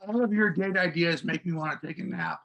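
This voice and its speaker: A man co-hosting a comedy podcast, a dating coach who drops dry, deadpan put-downs. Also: on the high side, fairly quick, gravelly, dull audio. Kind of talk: casual comedic chat.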